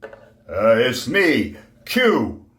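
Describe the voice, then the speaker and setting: A smug villainous trickster who rambles nonsense in a lower, mock-menacing voice, as a man puts him on. The room adds a clear echo. It plays as a comic parody skit. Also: wildly swooping pitch, extremely slow, fairly bright tone, exaggerated voice. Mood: rambling. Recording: roomy echo.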